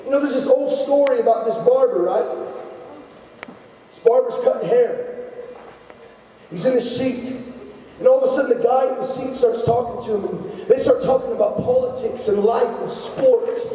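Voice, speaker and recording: High-voiced young man preaching in a hall. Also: normal speed, long pauses, slight background noise. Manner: animated storytelling with acted-out quotes. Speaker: youth speaker. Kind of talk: evangelistic school club talk. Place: large high school room with a crowd of students. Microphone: distant from the recording device. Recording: echoey hall from far off, dull sound.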